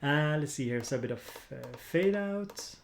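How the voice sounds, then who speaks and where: A man's voice: on the high side, expressive, a little slow, gravelly, roomy sound, slight background noise. A man with a Swedish accent chatting casually on a music-production live stream, rambling with lots of fillers and restarts while he edits samples. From Sweden.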